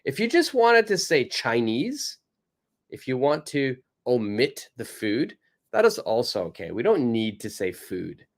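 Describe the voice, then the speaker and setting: Man, North American accent, English teacher, slow and lively intonation, patient, encouraging. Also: medium pitch. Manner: patient, encouraging, repeats phrases slowly for practice. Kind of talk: live online English lesson.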